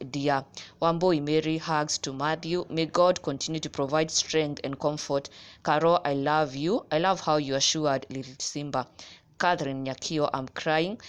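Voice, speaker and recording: Woman, news presenter, deep voice, even reading. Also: clear, resonant tone. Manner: steady reading voice, mixing Kikuyu and English. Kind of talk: read news narration.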